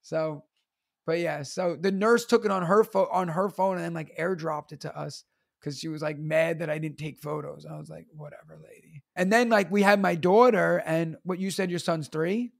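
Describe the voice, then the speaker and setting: A man's voice: fairly high pitch, normal speed, creaky. A man in his thirties, a teacher and comedian, telling stories in a casual podcast chat, acting out quotes and laughing often. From New York. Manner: animated storytelling, acts out quotes, laughs often.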